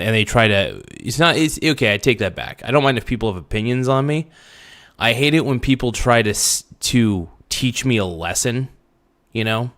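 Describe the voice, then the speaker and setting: A man's voice: fairly low pitch, fairly bright tone. A young man hosting a livestream, ranting bluntly and profanely to his chat with frequent restarts. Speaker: livestream host. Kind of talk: casual livestream rant.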